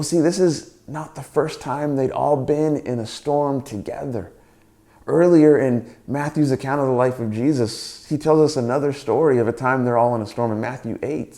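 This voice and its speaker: Man preaching a lively sermon, dark-toned. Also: medium pitch. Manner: animated storytelling, acts out voices of the story. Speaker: pastor. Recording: roomy church sound.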